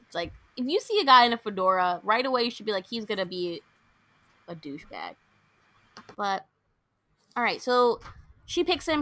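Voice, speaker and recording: Give me a young woman co-hosting a podcast, animated and chatty, with a dry, close sound. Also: medium pitch, dry recording. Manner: animated, acts out characters' lines in quick put-on voices. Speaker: podcast co-host. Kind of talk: casual chat, retelling a film plot.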